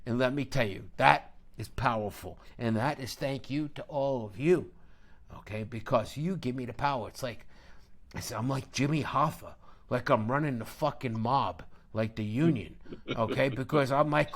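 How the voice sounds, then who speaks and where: A man's voice: mid-range voice, normal speed. A man hosting a live trading video call, talking brash and profane and joking a lot. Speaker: crypto trading host.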